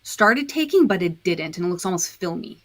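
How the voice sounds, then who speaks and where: A woman's voice: lowish voice, sing-song, a little fast, a bit bright. A woman guest on a podcast, explaining her dyeing process step by step in a casual chat, with frequent fillers. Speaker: podcast guest, disc dyer.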